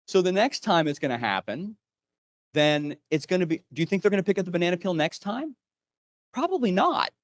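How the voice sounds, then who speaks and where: Man, leadership trainer, live workshop, lively swooping pitch, quizzing the room. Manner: animated, quizzing the group.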